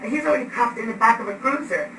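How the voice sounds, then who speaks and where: Speaking at a quick pace in a voice a little on the high side, a woman gives an agitated eyewitness account of an arrest. She's at home indoors, animated, acting events out with her hands. The echoey room, distant mic, and background noise are audible.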